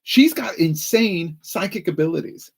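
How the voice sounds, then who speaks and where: Wry male co-host on a live stream, husky and animated. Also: high-pitched, measured pace. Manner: wry plot recapping. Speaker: co-host recapping the plot. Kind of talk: live watch-along chat.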